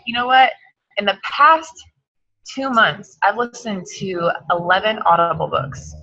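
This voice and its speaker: A woman's voice: medium pitch, lively intonation, a little slow, bright, forceful tone, dull audio, slight background noise. A woman giving an emphatic, hyped motivational talk on a team call, repeating her points. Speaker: team coach.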